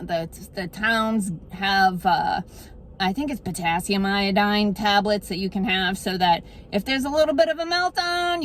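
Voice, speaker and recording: A woman naturopath in a comedic monologue, joking deadpan in a put-on Boston accent. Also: medium pitch, slight background noise. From Wisconsin. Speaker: naturopath giving health advice.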